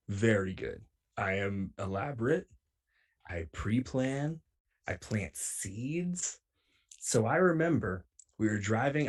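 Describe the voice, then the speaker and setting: A man's voice: lowish voice, husky. A man guesting on a podcast, telling prank stories in a casual, playful way and acting out what people said. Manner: animated, playful, acts out quotes. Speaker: podcast guest, pro wrestler. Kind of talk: casual storytelling.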